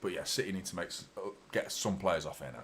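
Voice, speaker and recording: A man hosting a live football watchalong, chatting casually and swearing freely, quickly heated and exasperated by mistakes. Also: deep voice, fairly bright tone, a little hiss or hum. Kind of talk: live match commentary and chat.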